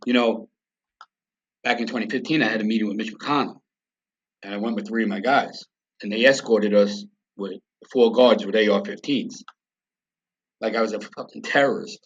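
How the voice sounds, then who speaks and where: A man's voice: fairly low pitch, normal speed, pauses often. A man, a podcast guest telling his story in a blunt, profane, emphatic way. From New York. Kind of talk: storytelling in a conversational interview. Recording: slightly dull lo-fi sound.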